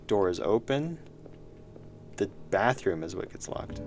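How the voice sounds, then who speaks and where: A man's voice: on the low side, animated, normal speed, pauses often, over music. A man streaming a horror game, thinking aloud in rambling casual commentary with self-mocking laughs. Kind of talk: casual let's-play commentary.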